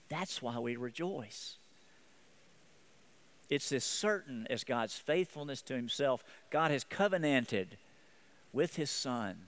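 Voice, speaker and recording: A man preaching a sermon as pastor, earnest, often repeating and restarting his phrases. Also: medium pitch.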